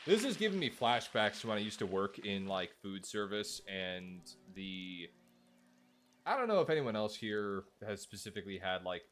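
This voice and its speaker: A man's voice: fairly low pitch, sing-song, normal speed, fairly bright tone. A man streaming a video game, rambling through casual, self-deprecating commentary. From United States. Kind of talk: casual let's play commentary.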